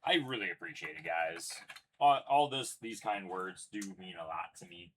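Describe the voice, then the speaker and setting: A man's voice: low voice, lively intonation, normal speed, fairly bright tone. A young man casually announcing each card pulled as he hosts a live card break, chatty and upbeat. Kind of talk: live card-opening commentary.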